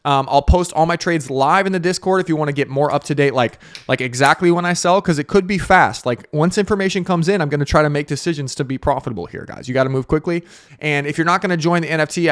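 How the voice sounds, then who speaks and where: Brief: male crypto show host, rapid-fire and energetic, raised pitch, talks to camera. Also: smooth, no echo, clean studio sound. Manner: energetic, repetitive, frequent "right?" tags. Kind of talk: casual market commentary to camera.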